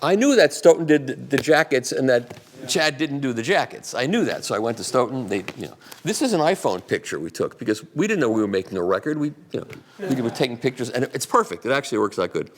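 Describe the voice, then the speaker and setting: A mid-pitched man talks casually to a live audience. He rambles and restarts, adding asides as he goes. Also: very animated, fast talker. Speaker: guest speaker at a live audiophile talk. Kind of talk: casual talk answering audience questions. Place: hall at a live event.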